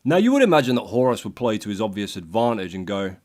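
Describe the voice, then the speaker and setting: A man's voice: on the low side, very animated, fast, a little mellow. A man narrating a myth as a crude, sardonic comic story. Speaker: host.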